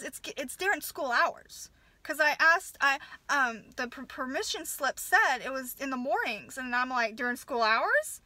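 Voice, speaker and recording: A woman's voice: fairly high pitch, pushed and bright, dry recording. A mother ranting in a furious, profane casual rant, with stumbling restarts. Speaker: vlogger, mother.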